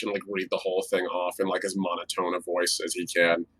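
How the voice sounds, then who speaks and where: A man playing a tabletop game, talking in a rambling, animated way. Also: sits low, normal speed. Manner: animated, rambling, laughs often. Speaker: player. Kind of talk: casual tabletop play.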